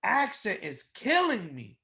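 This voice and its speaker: A man with a high, bright voice talks through a wrestling card in loose podcast chat. He is blunt and animated, swears freely and pokes fun. His tone is sharp and forceful. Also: unhurried, creaky. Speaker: podcast co-host. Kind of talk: casual wrestling review chat.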